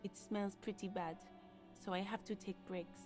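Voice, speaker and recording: A woman's voice: medium pitch, steady tone, normal speed, over music, close to an everyday voice. An actress voicing a guarded woman gardener in a detective game. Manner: guarded, plain-spoken.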